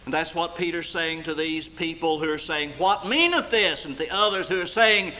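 A man preaching a sermon, rising to loud, high, stretched-out lines and then falling back low and quiet. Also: steady tone, brisk, low-quality recording.

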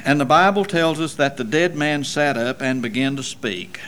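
A man preaching a sermon, swinging between loud emphatic passages and low, quiet asides. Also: slight background noise. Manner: slow deliberate delivery with folksy asides.

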